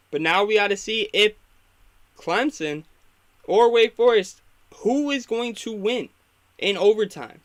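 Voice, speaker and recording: Bright-voiced man ranting about football. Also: high-pitched, a little slow, long pauses. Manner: opinionated, rambling, fired up when critiquing. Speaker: sports talk host. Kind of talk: casual live football reaction.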